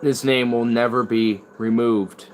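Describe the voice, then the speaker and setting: A man talking casually to his viewers in a loose, rambling way, with frequent swearing. His voice sits at an ordinary middle pitch, and there is a faint hiss behind him. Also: fairly even intonation, unhurried. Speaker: streamer playing guitar. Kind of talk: casual chat.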